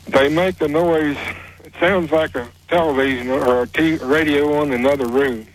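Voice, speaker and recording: A man calling in to a talk show, plain-spoken and halting as he tells his story. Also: a little high, fairly even intonation, rough recording. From West Virginia. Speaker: caller. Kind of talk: telling a personal story on a call-in show.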